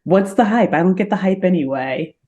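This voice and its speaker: A woman's voice: lowish voice, expressive, fairly quick, dark tone, dull audio. A young adult woman co-hosting a podcast, reacting with laughs and jokes in casual chat. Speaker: podcast co-host.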